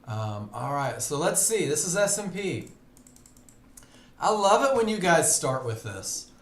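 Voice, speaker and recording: A man teaching a live trading webinar in a relaxed, conversational way, often putting questions to his audience. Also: fairly high pitch, measured pace, roomy sound. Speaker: trading instructor. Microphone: computer mic on a live webinar.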